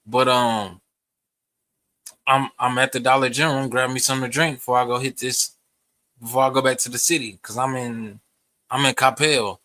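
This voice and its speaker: A man's voice: mid-range voice, fairly even intonation, moderate pace, long pauses, bright, forceful tone, no echo. A young man, ranting profanely to camera in a heated, rambling way. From Texas. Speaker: vlogger. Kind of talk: casual rant to camera.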